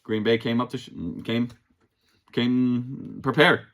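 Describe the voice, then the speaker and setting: A man's voice: mid-range voice, level tone, slow, a bit bright. A young man hosting a casual sports show, firing off exasperated rhetorical questions as he breaks down a loss. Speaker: sports podcast host.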